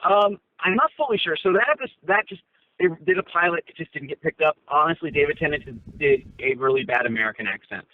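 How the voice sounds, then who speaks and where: A man's voice: fairly high pitch, lively intonation, brisk, dry recording. A man co-hosting a casual chat from a parked car, talking through his phone and rambling with many fillers and restarts. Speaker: co-host. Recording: tinny phone line.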